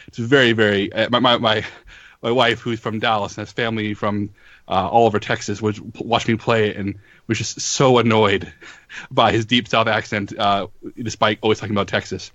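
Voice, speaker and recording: A man from the United States co-hosting a casual podcast discussion, talking in a measured way with many fillers. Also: fairly low pitch, fairly bright tone, dry recording, highs cut off. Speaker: podcast co-host, film editor.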